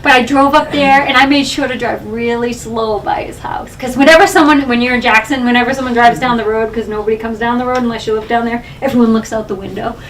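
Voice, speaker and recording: A woman's voice: on the high side, quick pace, hardly any pauses. Woman telling her story, mic far off. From Massachusetts. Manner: animated storyteller, often laughing. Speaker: author giving a library talk. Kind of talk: personal storytelling talk. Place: library meeting room. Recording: distant mic, faint room noise.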